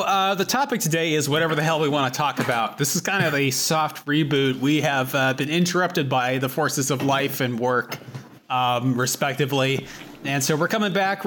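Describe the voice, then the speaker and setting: A man's voice: a little high, fairly bright tone, a little hiss or hum. A man co-hosting a podcast in casual chat, rambling and swearing freely. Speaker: podcast co-host.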